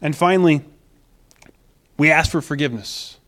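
A man's voice: on the high side, normal speed, fairly bright tone. A man pastor preaching a sermon, emphatic, acting out quoted voices and repeating phrases for stress.

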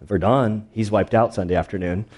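A pastor preaches a sermon by telling stories in a loose, conversational manner full of filler words. His lowish voice is steady and darkish in tone, at a moderate pace.

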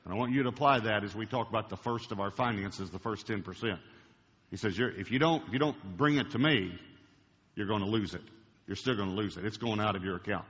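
A man preaching a sermon to a church congregation, emphatic, slowing down to stress key words. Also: fairly low pitch, a bit bright. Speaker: pastor. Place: large church auditorium. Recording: dull recording with long hall reverb.

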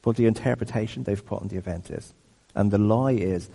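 Warm in tone and fairly low-pitched with some vocal fry, the man speaks briskly. He's in his fifties, leading a conversational, sermon-style teaching session full of questions for the audience, recorded with lengthy hall reverb.

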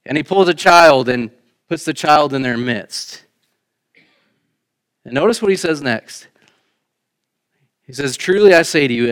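A man preaching a sermon in a church, shifting between emphatic raised lines and quiet, conversational asides. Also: fairly high pitch, expressive, moderate pace, long pauses. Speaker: pastor. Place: church sanctuary.

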